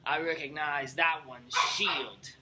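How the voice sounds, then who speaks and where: A man's voice: a little high, fairly even intonation, slow pace, very noisy. A man voicing a boastful, commanding male villain boss in a tabletop game. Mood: gloating. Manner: gloating, commanding.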